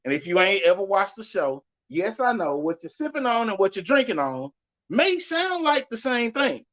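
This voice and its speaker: A man hosting a podcast, giving a loud, blunt, cursing rant with sudden jumps in pitch. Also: sing-song, moderate pace. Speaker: podcast host. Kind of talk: profane ranting monologue. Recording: dull lo-fi sound.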